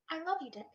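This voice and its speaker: Young actress as a high-voiced, torn college girl, slow and pleading, dull lo-fi radio play. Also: fairly bright tone, full character voice. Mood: tender. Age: young adult. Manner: pleading, hesitant, emotional. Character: young female university student, anxious and torn. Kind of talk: amateur radio drama acting.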